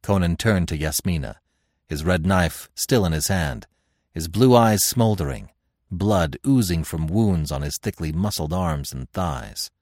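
A man's voice: deep voice, expressive, a little slow, darkish tone, no room sound, clean studio sound. A man narrating an adventure story in a dramatic, scripted style, with wide swings in volume. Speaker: narrator and host.

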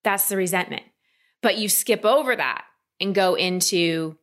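A woman coaching a client in a calm talk, often slipping into quoted inner voices. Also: mid-range voice, measured pace. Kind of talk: coaching session.

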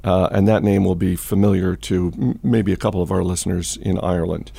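Male podcast host, lowish husky voice, casual storyteller with lots of ums. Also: steady tone, brisk, dark tone, dry recording. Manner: chatty, with many fillers and restarts. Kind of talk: casual storytelling and market chat.

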